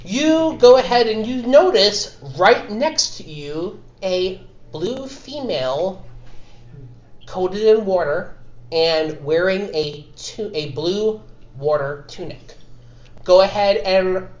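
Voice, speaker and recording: A man narrating a tabletop game as game master, halting and restarting as he describes scenes. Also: high-pitched, expressive. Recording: echoey muffled room recording.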